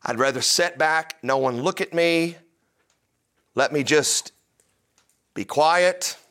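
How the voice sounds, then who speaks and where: A man's voice: a little high, slow pace. A man pastor delivering a sermon, telling stories and preaching with rising, emphatic energy. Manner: animated, rises to loud emphatic preaching.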